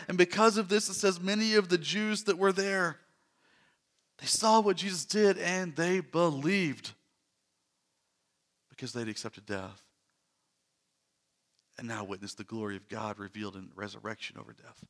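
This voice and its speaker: A man preaching a sermon, earnest, dropping to soft hushed lines and rising to loud emphatic repetition. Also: sits high, fairly even intonation, moderate pace, long pauses. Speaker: pastor.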